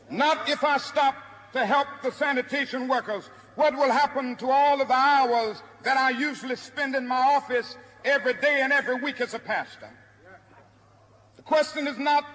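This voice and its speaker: A man's voice: very high voice, fairly bright tone. A man preaching with a rhythmic, repeating cadence in an old sermon recording. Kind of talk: archival sermon oration. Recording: long hall reverb.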